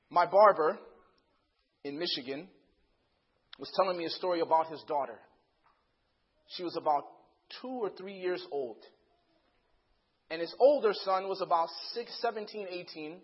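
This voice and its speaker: A man preaching a sermon, swinging between loud dramatic bursts and hushed passages, and acting out the voices in a story. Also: on the high side, normal speed, long pauses, breathy edge, highs cut off.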